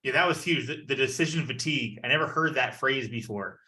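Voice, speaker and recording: A man coaching a business community on a video call, energetic and playful, acting out the people he quotes. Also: medium pitch, brisk. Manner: energetic, acts out quoted voices. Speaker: network marketing leader.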